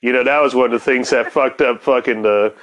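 A man's voice: medium pitch, steady tone, a little fast, fairly bright tone. A middle-aged man hosting a podcast, talking casually in a rambling way, swearing heavily as he goes. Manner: profane, rambling, heavy swearing. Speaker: podcast host. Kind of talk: casual chat.

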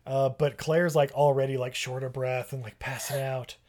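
A man's voice: mid-range voice, little pitch movement, normal speed, darkish tone. Man co-host, casual comedic recap, rambling and laughing. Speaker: podcast co-host.

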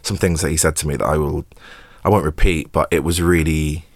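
A man's voice: very deep voice, steady tone, fairly quick, breathy edge, no echo. A man, an actor openly telling a personal story as a podcast guest, emotional and repeating words. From England. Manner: open, emotional, repeats words, laughs through hard memories.

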